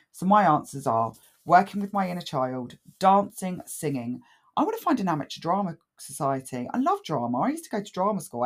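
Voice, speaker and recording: A woman in her thirties hosting a solo wellbeing podcast, talking earnestly and enthusiastically with frequent swearing. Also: sits low. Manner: emphatic, swears freely, upbeat and earnest. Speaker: podcast host, wellbeing coach. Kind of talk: casual solo podcast monologue.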